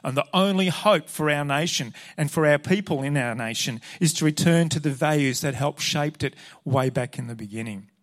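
Male pastor, slightly raised pitch, emphatic sermon delivery with Scripture readings. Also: normal speed, hardly any pauses.

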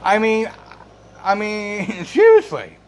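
A man's voice: high-pitched, wildly swooping pitch, slow pace, slight background noise. A man ranting about a long-distance relationship in a rambling, exasperated way, swearing and repeating himself, with a cough now and then. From United States. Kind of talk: casual storytelling rant.

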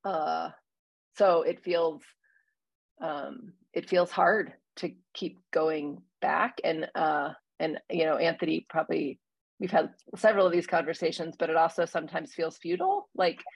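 Husky, gravelly low-voiced woman. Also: steady tone, no room sound, rough recording. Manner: reflective, many pauses and fillers. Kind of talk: casual conversation.

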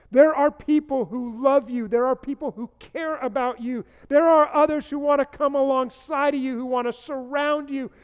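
A man preaching a sermon to an online congregation, earnest and repetitive, asking his listeners question after question. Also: very high-pitched. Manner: earnest, asks the listeners rhetorical questions and repeats key phrases. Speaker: pastor. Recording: long reverb.

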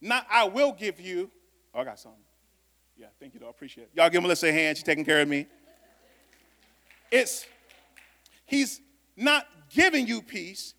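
A man preaching a sermon to a congregation, talking conversationally, with loud bursts of emphasis and quiet asides. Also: a little high, sing-song, moderate pace, vocal fry, pauses often. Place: church sanctuary. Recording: long reverb of a church hall.

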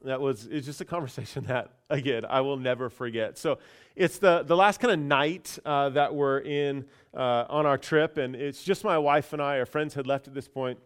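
A pastor telling a personal story in a casual, chatty sermon, with many fillers and restarts. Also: male voice, medium pitch, moderate pace, clean tone.

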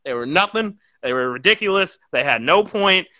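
In a high-pitched, animated voice at normal speed, bright and forceful, a young man hosts a podcast with no room sound. He reviews a movie through casual, rambling talk, swearing plenty and laughing often.

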